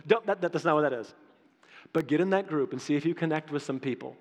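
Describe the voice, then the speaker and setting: A man preaching a sermon in a conversational, animated way, acting out the quotes in his stories. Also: on the high side, fast talker, long reverb tail. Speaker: pastor.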